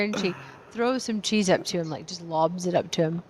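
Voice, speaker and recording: A woman's voice: fairly low pitch, normal speed, a crowd in the background. A woman player in a tabletop game, talking in a hesitant, rambling way. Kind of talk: casual tabletop game chat.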